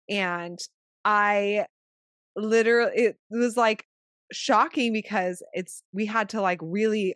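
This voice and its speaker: A woman co-hosting a podcast who tells stories in an animated way, laughing often. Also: medium pitch, moderate pace, no echo, clean studio sound. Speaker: podcast co-host, retreat leader. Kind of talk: casual chat.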